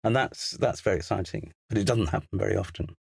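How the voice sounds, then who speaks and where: A man's voice: lowish voice, fast talker, creaky, darkish tone, husky, no room sound. An older English man, a crime novelist, chatting as a studio guest with a hesitant, self-deprecating manner full of restarts and asides. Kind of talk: casual interview chat. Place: recording studio.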